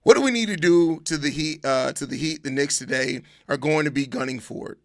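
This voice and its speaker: A man hosts a live stream and answers viewer questions in loose, profane chat. His voice is raised somewhat, bright and edged with gravel. The sound is dry and close, with no room around it. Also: a little high, a little fast, dry recording. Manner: animated, mock outrage, swearing, repeated questions.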